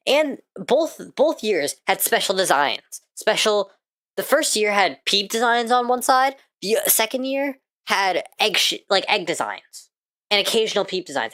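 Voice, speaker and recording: An American woman streamer in casual live-stream chat while gaming, ranting excitably and swearing freely. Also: medium pitch, no room sound. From United States.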